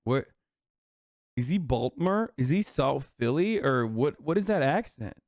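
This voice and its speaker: A man's voice: mid-range voice, lively intonation, unhurried, a little mellow, no echo, studio quality. A man streaming, giving loose, profane, mocking reaction commentary on videos he is watching.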